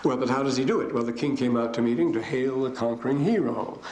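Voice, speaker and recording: An older man giving a rambling, digressive classroom lecture with frequent pauses. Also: mid-range voice, darkish tone. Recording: echoey room, faint hiss.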